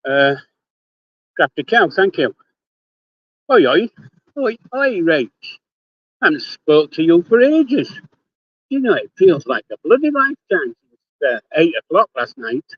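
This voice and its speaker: Holding his phone for a casual livestream, an older man from Yorkshire, England talks at moderate pace in a fairly high voice with big pitch swings. He's blunt, prone to casual swearing and speaking before thinking, and he greets viewers by name. The audio is dull, with no room sound.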